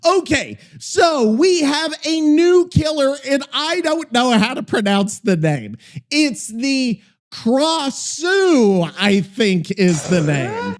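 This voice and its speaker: A man hosting a gaming podcast in a relaxed, unhurried way, rambling and cursing casually. His voice sits high and swings widely in pitch, and he trips over words before laughing it off. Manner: rambling, swears freely, stumbles over pronunciations. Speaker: podcast host.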